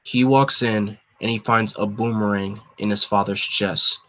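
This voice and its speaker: A man's voice: lowish voice, steady tone, unhurried, fairly bright tone. A young man hosting a live comic reading, talking casually and hesitantly with fillers. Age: young adult. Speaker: host reading a comic aloud.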